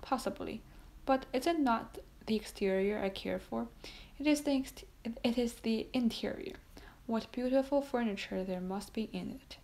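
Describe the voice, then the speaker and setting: Narrating a classic novel for an audiobook, this woman keeps the characters' lines close to her narrating voice and slips up here and there. She speaks at a normal speed in a slightly high, somewhat mellow voice.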